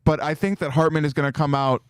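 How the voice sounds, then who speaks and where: A man's voice: a little high, steady tone, fast talker, smooth, no echo, clean studio sound. A man co-hosting a sports show, talking earnestly in casual sports talk with many fillers.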